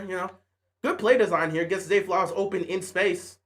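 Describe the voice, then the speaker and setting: High, bright-voiced trash-talking sports fan. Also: male voice, moderate pace. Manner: animated trash talk, rhetorical questions; mock play-by-play commentary. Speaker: sports fan watching a game live. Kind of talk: live game-watch reaction.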